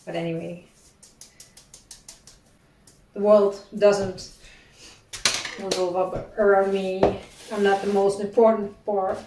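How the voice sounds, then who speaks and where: A woman's voice: mid-range voice, little pitch movement, slow pace, long pauses, background noise. Rambling woman in an echoey kitchen. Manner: chatty, rambling, self-deprecating asides. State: slightly out of breath. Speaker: cooking vlogger. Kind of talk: casual chat while baking. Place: home kitchen. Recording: echoey kitchen, distant mic, clattering dishes.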